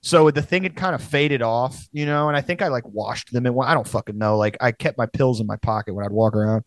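A man's voice: medium pitch, brisk, no echo. A young man telling a rambling, profane story in casual podcast chat, laughing as he goes.

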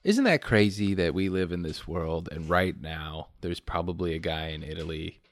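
A man's voice: deep voice, expressive, normal speed. A man co-hosting a podcast, making sardonic jokes in casual chat. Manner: sardonic, joking asides. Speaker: podcast co-host.

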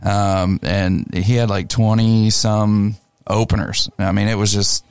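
A young man co-hosting a radio show, talking in a relaxed, laid-back way. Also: lowish voice, unhurried, gravelly, smooth, no echo. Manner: relaxed, laid-back, talks through lineups. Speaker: radio co-host and show promoter. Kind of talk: casual radio chat.

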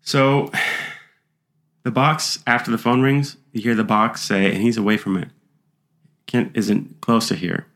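A man's voice: fairly low pitch, measured pace. A man hosting a podcast, casually retelling a story and acting out the voices he quotes. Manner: animated, acts out quoted voices. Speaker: podcast host.

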